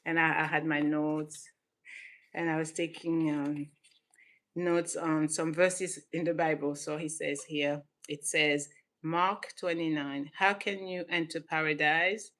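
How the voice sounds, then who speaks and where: A woman from Senegal who grew up in southern France hosts her own channel and talks casually to camera. She gets animated, laughs often and restarts her sentences. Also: sits low, slow. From Senegal, raised in southern France. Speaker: channel host.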